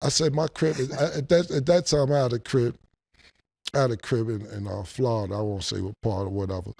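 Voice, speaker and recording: Man, podcast guest, gravelly, dry recording, animated streetwise storytelling. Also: mid-range voice, a little fast, no room sound. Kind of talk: casual storytelling interview.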